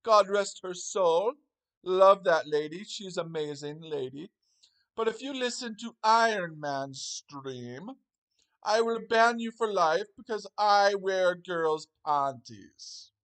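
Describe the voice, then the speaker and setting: A man's voice: sits high, lively intonation, slow pace, exaggerated voice. A man doing a bellowing, pompous Englishman with a put-on English accent who mocks a rival. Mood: bellowing mockery. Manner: bellowing, loud and theatrical.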